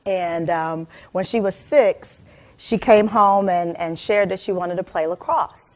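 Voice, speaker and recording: A woman in her forties telling a personal story in a lively keynote talk, calling out to audience members by name. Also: on the low side, a little slow. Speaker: motivational speaker.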